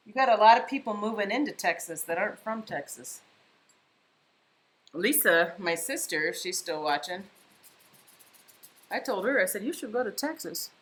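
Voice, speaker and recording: A woman hosting a live painting stream from home, chatting casually, reading viewer comments aloud and thinking out loud as she paints. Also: medium pitch. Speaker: livestream painting host. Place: home, indoors.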